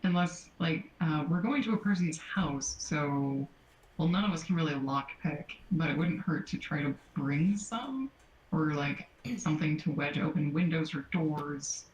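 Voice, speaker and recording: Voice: mid-range voice, unhurried, echoey room, rough recording. A player at a tabletop game, chatting loosely and thinking aloud. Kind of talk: casual game-table chat.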